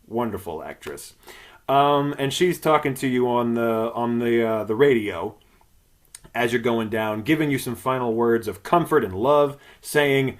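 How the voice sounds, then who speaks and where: A man's voice: mid-range voice, a little slow. A male podcast host recapping a film in casual chat, crude and rambling, swearing often and laughing.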